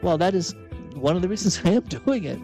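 A man's voice: high voice, lively intonation, brisk, mellow, soft background music. A man from outside Boston hosting a reflective spiritual talk, conversational, repeating and restarting phrases with rhetorical asides. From outside Boston, USA. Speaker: podcast host and executive coach.

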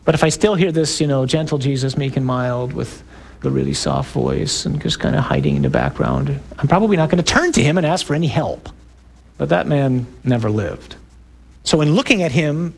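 A man's voice: mid-range voice, creaky, husky. A man who is a priest, giving an emphatic, preacherly parish talk to parents with jokey asides to the audience.

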